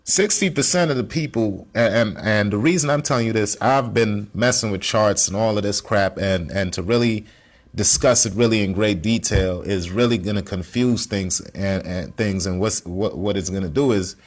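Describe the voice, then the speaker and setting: A man's voice: on the low side, normal speed. A man teaching casually, in a blunt and slangy way with plenty of swearing, repeating his points as he walks through a screen share. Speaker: self-taught investing teacher.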